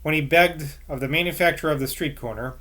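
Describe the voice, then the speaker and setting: Man reading aloud, slightly high voice, steady narration, casual asides. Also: fast. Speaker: reader.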